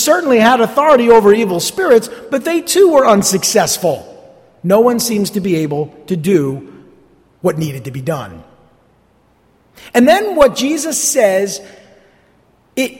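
A man from North Jersey with a New Jersey accent, preaching a sermon in a conversational way with sarcastic asides and repeated words. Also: high voice. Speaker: pastor. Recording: long hall reverb.

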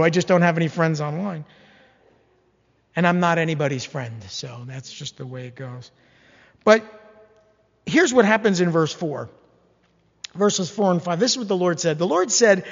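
A man preaching a sermon, animated and humorous, slipping into mock-whining voices as he acts out complaints. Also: high voice, normal speed, long reverb tail, highs cut off. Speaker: pastor.

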